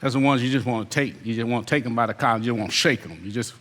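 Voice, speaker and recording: Speaking very fast, this elder delivers a sermon in a medium-pitched, fairly bright voice that rings with a long reverb tail. He hammers his points repetitively, throws rhetorical questions at the congregation, and puts on voices to mock lazy excuses.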